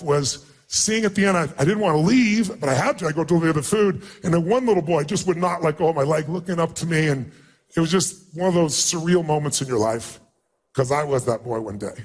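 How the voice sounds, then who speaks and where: A man telling a personal story as a motivational speaker, emotional and emphatic, acting out quotes. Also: a little high.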